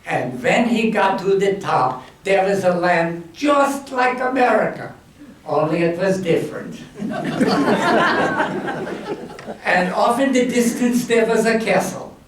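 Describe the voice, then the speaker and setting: High, lively, slow-telling jokey storyteller man. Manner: jokey, punning, slow and drawn-out. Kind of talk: comic bedtime story telling. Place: community hall. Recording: echoey room, mic far off.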